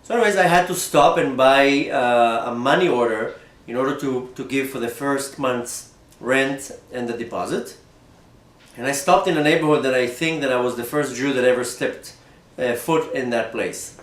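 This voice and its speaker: A rabbi telling a personal story in an animated way, often repeating and restarting his words. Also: mid-range voice, normal speed, roomy sound. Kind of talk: storytelling talk.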